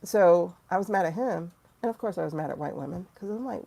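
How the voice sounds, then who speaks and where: Gravelly-voiced woman in profane, candid talk. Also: fairly low pitch, fairly quick. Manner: candid, profane, animated storytelling with quoted asides. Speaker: tarot livestream host. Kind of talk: casual livestream monologue.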